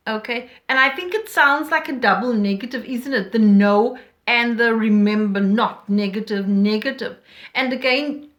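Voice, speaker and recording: A woman teaching a poetry lesson, talking slowly and deliberately and reading lines aloud with emphasis. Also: high-pitched, a bit bright.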